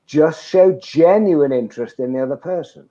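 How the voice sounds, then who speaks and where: Older guy telling networking stories, lively, mellow voice, lo-fi muffled sound. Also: a little high, moderate pace. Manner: lively, anecdotal, emphatic. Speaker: guest, networking trainer. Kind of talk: conversational interview. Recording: dull lo-fi sound.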